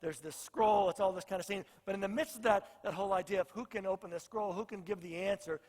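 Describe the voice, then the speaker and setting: A man's voice: high-pitched, fast talker, a little mellow, long reverb tail. A male pastor preaching a sermon, earnest and repeating phrases for emphasis.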